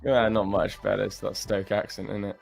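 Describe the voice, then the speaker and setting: A man's voice: on the low side, little pitch movement, moderate pace, creaky, a little mellow, soft background music. A man hosting a live trading stream, chatting casually and joking while he stammers and restarts as he walks through charts.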